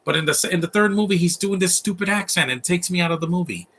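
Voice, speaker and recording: A man's voice: high voice, fast talker, fairly bright tone, slight background noise. A man giving casual live commentary over a movie, rambling and laughing often. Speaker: film commentator.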